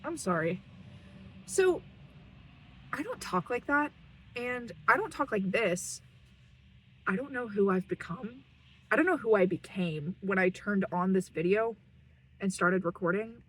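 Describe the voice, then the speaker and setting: A woman's voice: mid-range voice, a bit bright, husky, low-quality recording. A young woman chatting to camera from her parked car, rambling and self-deprecating with giggles. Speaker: vlogger. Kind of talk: casual rambling monologue.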